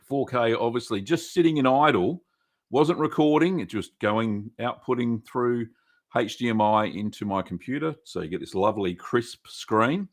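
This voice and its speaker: A man's voice: mid-range voice, expressive, moderate pace. A man with an Australian accent hosting a casual livestream, greeting viewers by name with lots of "um" and "uh". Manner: chatty, greets viewers by name, many fillers. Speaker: livestream host.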